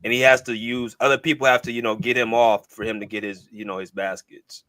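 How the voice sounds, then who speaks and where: A man's voice: medium pitch, level tone, brisk, bright, forceful tone, dry recording. A man hosting a live basketball podcast, laid-back and slangy, speaking to viewers in the chat. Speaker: podcast host. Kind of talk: casual sports chat.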